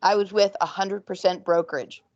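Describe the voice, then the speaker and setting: A woman's voice: mid-range voice, steady tone, no echo. Slightly froggy woman on a dull call. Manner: emphatic, repetitive, talks in rushes. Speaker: real estate agent. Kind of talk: video call panel interview. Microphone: video call. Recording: dull, dry video call audio.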